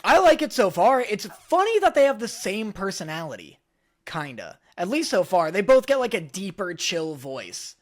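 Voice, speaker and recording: High-voiced playful podcast co-host man. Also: sing-song, moderate pace. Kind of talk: casual podcast chat.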